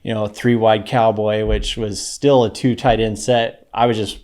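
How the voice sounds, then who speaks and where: A man's voice: fairly low pitch, level tone, a little slow, darkish tone. Laid-back man telling stories with laughs. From California, USA. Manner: laughs often while telling stories, loose and easygoing. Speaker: podcast guest, former pro football player. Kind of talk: casual interview storytelling.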